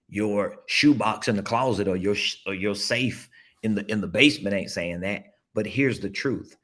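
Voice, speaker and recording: A man's voice: lowish voice, a bit bright. A man, a business coach, giving an emphatic, repetitive motivational talk on a casual livestream, seated at a table indoors and urging listeners to repeat phrases after him.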